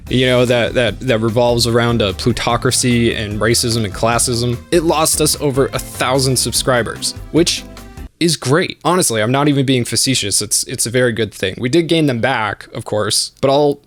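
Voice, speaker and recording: A man's voice: mid-range voice, normal speed, a bit bright, soft background music. A man hosting an anime channel, delivering a blunt, sarcastic, opinionated video essay. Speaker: YouTube anime channel host. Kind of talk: scripted video essay rant.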